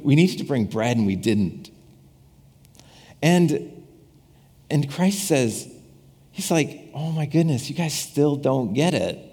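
A male preacher gives a conversational sermon and keeps circling back over his own phrases. His husky voice swings widely in pitch as he plays out the voices in his story. The sound carries a long reverb, as in a large church hall. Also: darkish tone. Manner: conversational, repeats and restarts phrases, acts out quoted voices with humor. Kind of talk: casual sermon.

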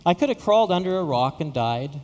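A middle-aged male pastor from Saskatchewan tells a story in a sermon, stumbling and repeating his words with self-deprecating humor. His voice sits a bit high for a man. It rings with the long reverb of a big hall. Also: sing-song, fast, darkish tone. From Saskatchewan, Canada.

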